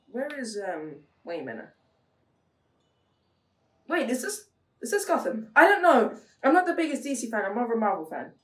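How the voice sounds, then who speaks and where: Excitable woman gamer, echoey room. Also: a little high. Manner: excitable, chatty, many exclamations. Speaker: gamer streamer. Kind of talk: playing a VR game. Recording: echoey room, mic at a distance.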